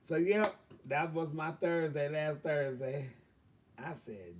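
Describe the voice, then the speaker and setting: A man's voice: on the high side, slow, distant mic, slight background noise. A man telling a long story on his own live stream, casual and profane, with lots of fillers. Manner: profane, drawling, chatty with many fillers. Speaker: livestream host.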